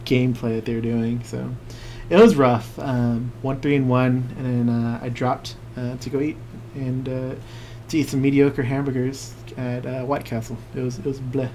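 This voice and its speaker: A man's voice: medium pitch, little pitch movement, normal speed, dark tone, a little hiss or hum. Rambling, laughing man on a podcast. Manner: rambling storyteller, acts out quotes, laughs often. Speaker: podcast co-host. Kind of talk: casual chat.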